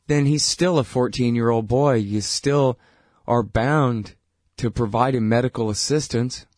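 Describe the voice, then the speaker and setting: A man's voice: mid-range voice, a little slow, a little mellow, no room sound, studio quality. A male radio host giving blunt, heated political commentary in a conversational way, with frequent fillers.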